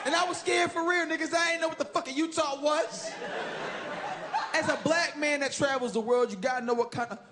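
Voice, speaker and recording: Male stand-up comic, high voice, brash and animated delivery, noisy live stage mic. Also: brisk, a loud crowd. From Chicago. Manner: animated and profane, shouting punchlines. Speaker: stand-up comedian. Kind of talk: stand-up comedy set. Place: comedy stage before a laughing live audience. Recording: loud live room noise.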